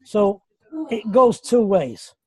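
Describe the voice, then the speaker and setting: A man's voice: high voice, expressive, slow, warm tone, husky. An English man rambling and apologising during a casual group video call. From England. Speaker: meeting participant.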